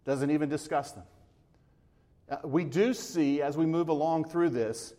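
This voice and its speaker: Conversational male preacher, slightly high voice. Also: unhurried, mellow. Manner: conversational, explaining scripture with everyday comparisons; retells dialogue, acting out the speakers. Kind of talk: sermon.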